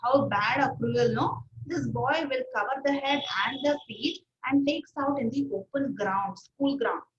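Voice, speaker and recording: A woman's voice: high-pitched, measured pace, slight background noise. A woman teacher explaining a story to young pupils and asking the class frequent questions. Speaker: English teacher. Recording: distant, roomy, muffled recording.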